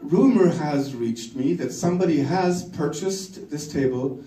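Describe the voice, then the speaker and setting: A middle-aged Swedish man tells a story on stage with animated energy, laughing often and acting out voices. His voice is mellow and warm. He is heard from a distance in an echoey room, with faint ambience behind him. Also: a little high, a little slow. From Sweden. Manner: animated, laughing, acts out quotes. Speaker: speaker telling a story on stage. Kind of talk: storytelling talk.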